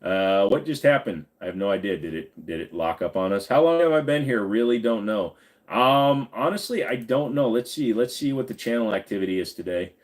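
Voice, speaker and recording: A man's voice: fairly low pitch, expressive, brisk. A man in his forties, tired after hours of live streaming, chatting casually and joking as he reads out viewer comments, swearing freely.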